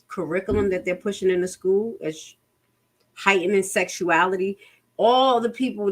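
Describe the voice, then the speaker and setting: Her voice lowish and a bit bright, a woman vlogging political commentary reads out the news and breaks in with indignant, profane remarks in a casual rant.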